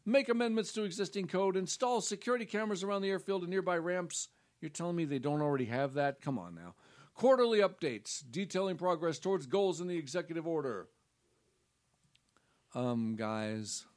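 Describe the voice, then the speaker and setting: A man's voice: high voice, expressive, fast talker. A man co-hosting a casual talk show, reading news items aloud with sarcastic asides. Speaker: co-host.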